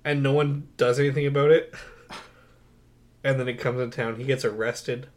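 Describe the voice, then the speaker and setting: Young guy cohosting a movie podcast, mid pitch, animated, kinda baffled by everything. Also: moderate pace. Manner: animated, incredulous, laughing storyteller. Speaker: podcast co-host. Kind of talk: casual movie review chat.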